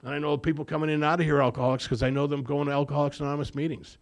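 Gravelly man telling his recovery story. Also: on the high side, little pitch movement, rapid-fire. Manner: storytelling, acting out dialogue, self-deprecating humor. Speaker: recovery meeting speaker. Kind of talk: personal testimony talk.

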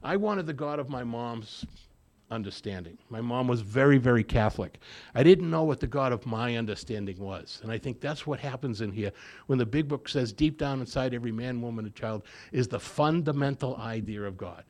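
A man's voice: mid-range voice, expressive, normal speed, a little mellow. A man giving a personal testimony at a recovery meeting, plain-spoken, repeating phrases for emphasis and acting out what others said. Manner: storytelling with acted-out quotes.

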